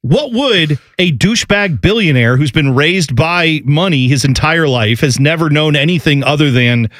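A middle-aged man co-hosting a casual chat, rambling and animated as he tells stories. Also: on the high side, normal speed, no echo, studio quality. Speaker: podcast co-host.

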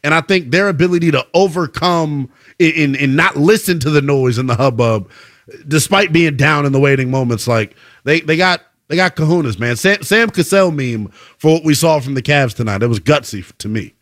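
A male sports radio host, animated and boastful, teasing his co-host and callers. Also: fairly high pitch, moderate pace, no echo, studio quality. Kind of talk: sports talk radio debate.

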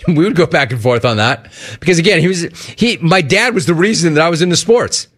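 A middle-aged man hosting a sports talk show, answering listener questions in a casual, animated way that acts out remembered conversations. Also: fairly high pitch, fairly quick.

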